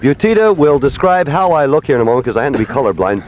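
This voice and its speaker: A man's voice: mid-range voice, big pitch swings, very fast, hardly any pauses. A man hosting a zany live morning radio broadcast outdoors at an airport, hamming it up theatrically and leading a crowd in chants. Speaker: radio morning show host. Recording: muffled lo-fi radio aircheck with faint noise.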